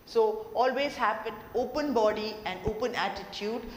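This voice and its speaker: A woman's voice: a little high, moderate pace. A woman giving a classroom lecture on communication, explaining and repeating her points and asking rhetorical questions. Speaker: college lecturer. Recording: long reverb, faint background noise.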